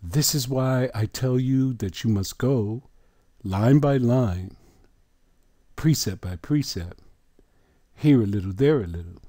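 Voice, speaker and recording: Male preacher, slow deliberate bible teaching, dark mellow tone, leans on key words. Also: mid-range voice, no echo, studio quality. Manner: deliberate, emphatic, drawn-out words. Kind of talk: sermon-style Bible teaching.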